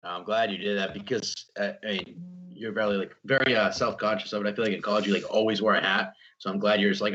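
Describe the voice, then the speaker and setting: A man's voice: on the low side, fairly even intonation, quick pace, pushed and bright. Young man talking loosely, dull recording. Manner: loose, hedging, full of "like" and "you know". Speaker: podcast co-host. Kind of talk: casual comedy podcast chat.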